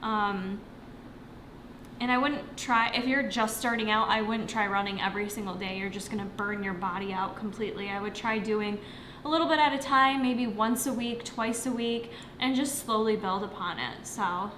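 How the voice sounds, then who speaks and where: Bright, chatty young woman fitness coach. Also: mid-range voice, steady tone, normal speed, a little hiss or hum. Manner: chatty, lots of fillers, talks while eating. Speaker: fitness coach hosting a livestream. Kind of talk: casual chat, answering viewer questions. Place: home, near the kitchen. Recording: echoey room.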